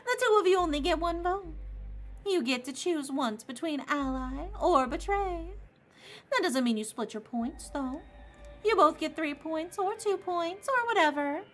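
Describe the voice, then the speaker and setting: Her voice pitched extremely high, a woman reads a visual novel aloud on stream at a measured pace, animated throughout. She voices a mischievous male AI rabbit game master, with a put-on Southern drawl and a singsong, taunting manner.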